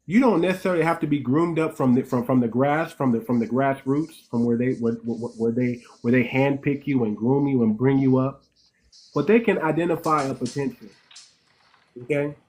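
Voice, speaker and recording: A man's voice: mid-range voice, moderate pace, a little mellow. A man hosting a commentary monologue, explaining emphatically and often restarting his phrases while checking in with "right?" and "okay?". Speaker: host.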